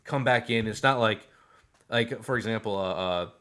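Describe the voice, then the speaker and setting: A man co-hosting a podcast, chatting casually about board games in a rambling, animated way and laughing often. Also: on the low side, moderate pace. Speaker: podcast co-host. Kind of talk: casual board game chat.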